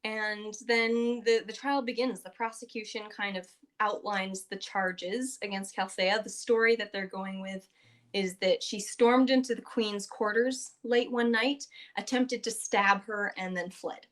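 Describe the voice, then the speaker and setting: Recapping a tabletop game session on her podcast, a woman chats casually, using plenty of fillers and acting out quotes. She has a mid-range, fairly bright voice with fairly even intonation and a measured pace.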